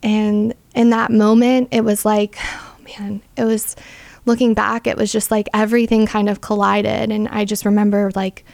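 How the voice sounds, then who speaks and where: A woman's voice: medium pitch, flat delivery, moderate pace, creaky, darkish tone, no echo. A young adult woman sharing a personal faith testimony as an interview guest, earnest and full of "like" fillers.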